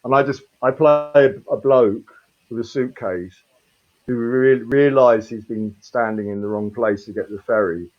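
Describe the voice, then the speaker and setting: A man in his fifties, a street performer, telling a rambling, animated story and swearing freely. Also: medium pitch, unhurried, highs cut off. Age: 50s. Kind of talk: casual storytelling.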